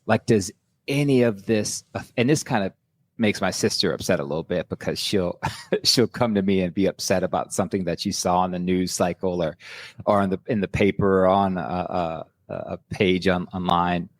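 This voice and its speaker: A man's voice: low-pitched, moderate pace, dry recording. A middle-aged man, a personal trainer guest, talking candidly in a casual podcast chat, rambling with restarts.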